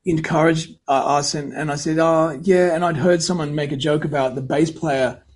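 A man's voice: a little high, fairly even intonation, moderate pace, husky, low-quality recording. A middle-aged man and singer-songwriter telling rambling anecdotes in a casual interview, often correcting himself and acting out quoted dialogue. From United States.

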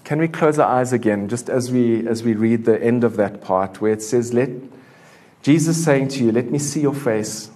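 A man preaching a sermon in a church in a relaxed, conversational way, full of fillers. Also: medium pitch, moderate pace. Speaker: pastor.

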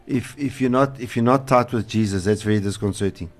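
A man's voice: on the low side, brisk, faint music behind. A man, a pastor co-hosting a casual religious talk show, earnest and rambling with fillers. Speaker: pastor and co-host.

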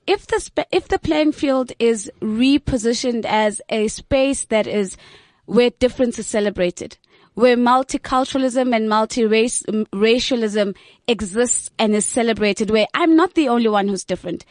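A woman's voice: a little high, normal speed, no room sound. Earnest woman, close and dry. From South Africa. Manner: earnest, building points in long lists. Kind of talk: discussion.

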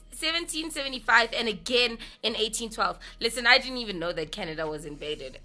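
Bright chatty South African woman host. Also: medium pitch. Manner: chatty, lots of "like" and "listen". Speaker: radio show host. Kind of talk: casual radio chat.

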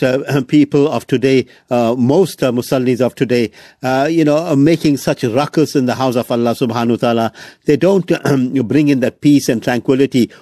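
Man radio host, warm relaxed tone, dry close sound, halting and polite questions. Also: mid-range voice, dry recording. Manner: hesitant, many uh fillers, deferential. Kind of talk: interviewing a guest.

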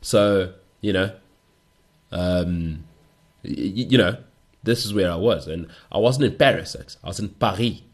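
A man's voice: sits low, measured pace, pauses often. A man hosting a solo podcast, rambling through jokey stories with mock-outraged asides. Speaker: podcast host. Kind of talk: solo comic chat.

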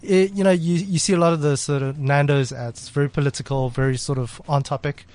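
A man working in advertising, a podcast guest speaking in a measured, hesitant way. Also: on the high side, steady tone, a little mellow. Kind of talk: casual discussion.

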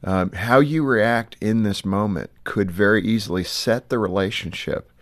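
A man hosting an interview, prompting his guests with gentle questions. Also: fairly low pitch, normal speed, no room sound, studio quality. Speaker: host.

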